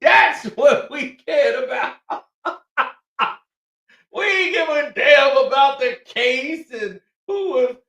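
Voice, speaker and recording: In a very high, slightly bright voice, this streamer riffs comedically, laughing a lot and mimicking quotes mockingly. He sounds distant from the microphone in an echoey room.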